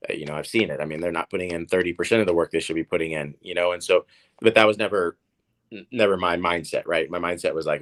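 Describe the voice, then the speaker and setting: A man in his thirties with a deep, low voice, guesting in a relaxed interview. He is from Oklahoma and tells his stories in a rambling way, full of fillers and restarted words. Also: fast. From Oklahoma, USA. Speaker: guest, professional tennis player. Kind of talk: casual storytelling interview.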